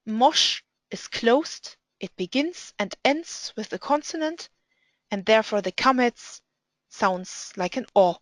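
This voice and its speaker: A woman teaching how to pronounce words, reading examples aloud slowly and carefully and explaining the rules between them. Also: fairly high pitch, animated, a bit bright, no room sound.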